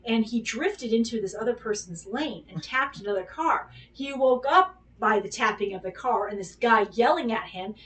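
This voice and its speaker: A woman, a dog groomer, telling a personal story in a casual, animated, exclamatory way and swearing freely. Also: on the high side, normal speed, few pauses, recorded from a distance.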